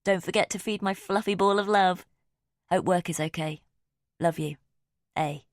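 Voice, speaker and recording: A woman's voice: on the low side, moderate pace, no room sound, studio quality, natural voice. A woman voicing a nervous but defensive young woman who calls herself a skeptic. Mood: warm.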